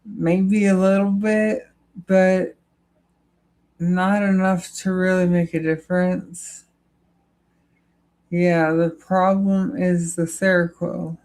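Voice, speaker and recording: A young adult streamer drawls through a casual chat with viewers, the voice gravelly with fry. The delivery stays flat and monotone, full of halting "like" and "uh" fillers, with a tired, low-energy feel. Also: poor audio. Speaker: livestreamer answering chat.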